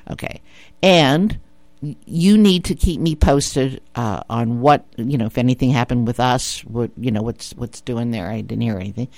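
A woman's voice: a bass voice, moderate pace, gravelly, a little mellow, dry recording. A woman hosting a radio talk show, chatting in an opinionated, emphatic way that repeats her points and asks the listener rhetorical questions. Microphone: studio radio mic.

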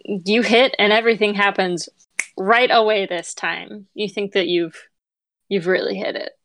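A woman's voice: medium pitch, steady tone, measured pace, a bit bright, dry recording. Woman, game master, tabletop game narration, patient, dry sound.

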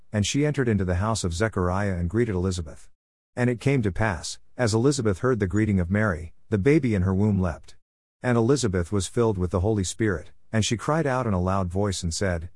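Guy reading scripture, even and formal, lowish voice, dry sound. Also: dry recording. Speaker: scripture reader.

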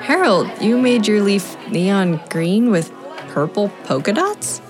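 A woman's voice: medium pitch, very animated, takes it slowly, music in the background, a crowd in the background. A woman playing a kind, encouraging grade-school teacher in a children's audio drama. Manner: warm, encouraging.

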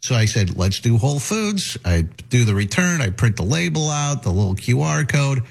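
A man's voice: medium pitch, sing-song, normal speed, vocal fry. A middle-aged man hosting a radio show, telling a long rambling anecdote full of restarts and acted-out quotes. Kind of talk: casual talk radio storytelling.

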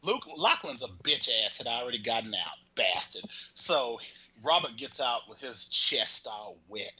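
A man casually chatting and retelling a soap opera, animated and rambling, with frequent cursing. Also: mid-range voice, unhurried, husky, poor audio. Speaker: storyteller recapping a soap opera. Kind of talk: casual chat.

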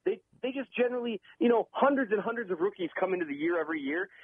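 A man giving casual football analysis on a call, talking quickly and animatedly with frequent restarts. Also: sits high, lively intonation, slightly rough. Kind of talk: casual sports talk. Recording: muffled phone line, dry.

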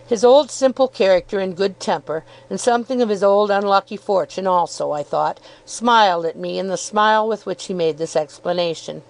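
A woman narrating a classic novel as an audiobook, in a measured, clear reading. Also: medium pitch, rough recording. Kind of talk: scripted narration.

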